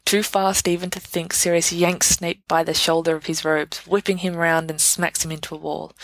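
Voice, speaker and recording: A woman with a low voice reads a fan story aloud. Her narration is even and measured. The recording is close and dry, with no room sound. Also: dry recording, low-quality recording. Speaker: podfic reader. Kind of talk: scripted narration.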